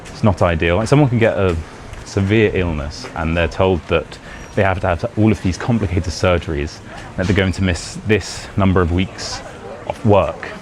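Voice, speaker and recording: A man's voice: deep voice, moderate pace. A British man talking casually to camera in a chatty, rambling way, laughing often as he teaches about his country. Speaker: British English teacher and YouTuber. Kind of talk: casual vlog talk. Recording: outdoor street noise behind.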